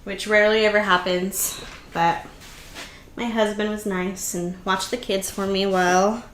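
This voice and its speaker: A woman's voice: mid-range voice, level tone, a little slow, a bit bright, slight background noise. A woman hosting a casual live stream, chatting easily, greeting viewers by name and laughing often. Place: home craft room. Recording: roomy echo.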